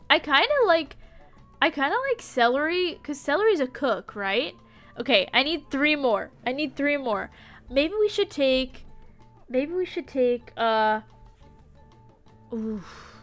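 A woman's voice: high-pitched, expressive, takes it slowly, a bit bright, faint music behind. A woman streaming a game live, playful and giggly, chatting with her viewers and reading character lines in silly voices. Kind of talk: live gameplay commentary.

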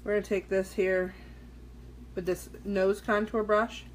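A woman with a mid-range voice and flat delivery speaks a little slowly while hosting a casual live-streamed makeup tutorial on a phone or webcam. She chats loosely with viewers as she works, cursing occasionally, with a little hiss or hum in the audio.

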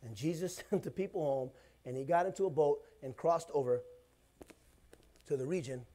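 A middle-aged pastor delivers a sermon conversationally, alternating between loud outbursts and quiet asides. His voice sits a little high, and he speaks at a moderate pace.

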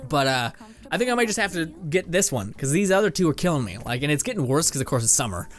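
Talking fast with big swings in pitch, a young Canadian man with a slightly high voice rambles through casual let's-play commentary, often laughing and swearing offhandedly. He records as a gaming video host in a home room with a green screen and lights, faint music behind him.

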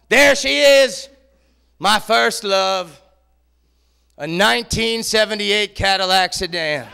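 A male comedian spinning loose, rambling stories from a stage, forever tacking "man" onto the end of a line. His voice sits high for a man and has a gravelly edge. The tone is bright and sharp. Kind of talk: stand-up storytelling. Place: theater stage.

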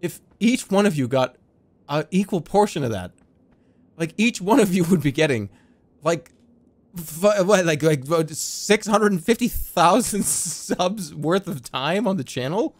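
A man's voice: sits high, animated, measured pace. A man chatting casually on a live stream, giggly and repeatedly breaking into helpless laughter.

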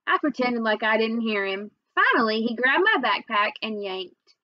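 Woman reader, expressive first-person storytelling, slightly high voice, muffled dry recording. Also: normal speed, no room sound. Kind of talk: reading a children's novel aloud.

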